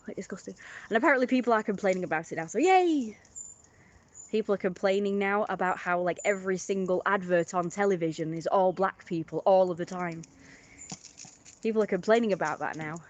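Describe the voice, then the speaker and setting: A woman's voice: lowish voice, fast, muffled recording. A young British woman livestreaming a casual, rambling opinion rant, often mocking others in put-on voices.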